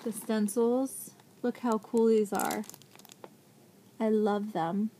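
A woman in her thirties gushing with excitement as she unboxes craft supplies in a casual vlog, thanking the sender again and again. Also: on the high side, slow pace, a little hiss or hum. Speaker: vlogger unboxing craft mail.

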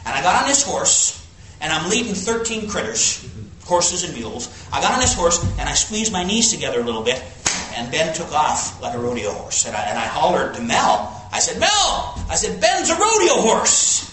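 Animated folksy preacher man in echoey hall. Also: a little fast. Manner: animated, folksy, swings between low asides and high exclaims. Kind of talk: sermon with storytelling. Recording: echoey hall from far off, faint hiss.

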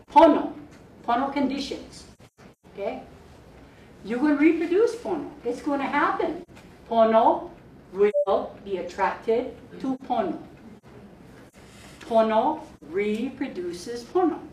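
A woman from Hawaii speaks with a Hawaiian Pidgin-tinged accent, her voice fairly high with a darkish tone and slight background noise. She's a spiritual teacher leading an informal, chatty and playful workshop talk, laughing often and mixing in Hawaiian words. The recording comes from an echoey room with a distant mic and faint ambience.

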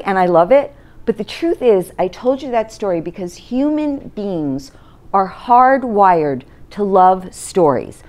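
A woman presentation coach giving a short storytelling talk to an audience, acting out the voices of people in her story. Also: a little high. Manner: lively storyteller, acts out voices in quotes.

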